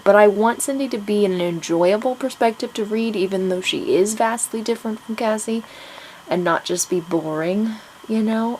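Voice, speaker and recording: A woman's voice: mid-range voice, a little mellow, slight background noise, rough recording. A woman writer chatting casually about her writing progress, rambling with plenty of ums and frequent laughs. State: out of breath. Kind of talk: casual chat to camera.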